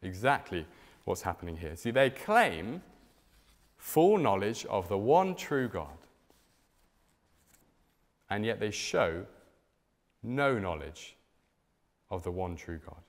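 Male pastor, mid pitch, animated sermon delivery, reverberant church hall. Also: slow, pauses often. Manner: animated storytelling with strong swings in pitch and loudness.

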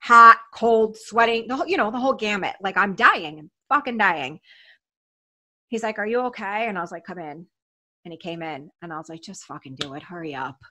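A woman's voice: mid-range voice, expressive, fairly quick, bright, forceful tone. A woman telling a story in casual talk, blunt and swearing freely, acting out what people said. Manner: blunt, swears freely, acts out quoted dialogue. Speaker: interview guest.

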